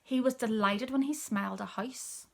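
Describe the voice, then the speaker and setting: A woman reading a picture book aloud, telling the story softly, often in a whisper, and pointing out the pictures. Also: a little high, normal speed, vocal fry. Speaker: storybook reader.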